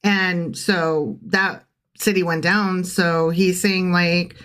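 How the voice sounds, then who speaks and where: A woman's voice: lowish voice, fairly even intonation, takes it slowly, a bit bright. A woman co-hosting a podcast who reads scripture aloud and comments on it in a casual, sarcastic, irreverent way. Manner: sarcastic, irreverent, chatty with frequent "like". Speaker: podcast co-host.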